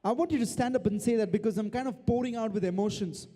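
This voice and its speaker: High-voiced excitable auctioneer. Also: male voice, fast. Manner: energetic, excitable, calls out bids. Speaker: charity auction host. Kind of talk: live auction emceeing. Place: large event hall before a crowd. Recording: long reverb of a big hall.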